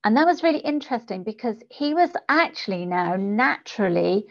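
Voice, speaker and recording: A woman who coaches public speakers, talking in an interview and changing her pitch and volume to demonstrate delivery. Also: sing-song, fairly quick. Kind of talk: conversational interview. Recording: dull lo-fi podcast audio.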